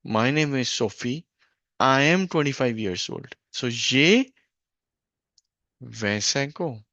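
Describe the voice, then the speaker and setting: A man teaching a French grammar lesson from a worksheet, slow and stop-start, often correcting himself, on a dull lo-fi recording. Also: mid-range voice, expressive, pushed and bright, no echo.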